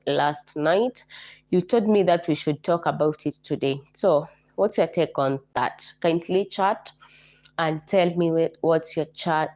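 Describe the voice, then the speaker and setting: A Kenyan woman hosting a casual livestream, hoarse from a flu, greeting viewers by name and repeating herself often. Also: low voice, dark tone. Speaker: livestream host.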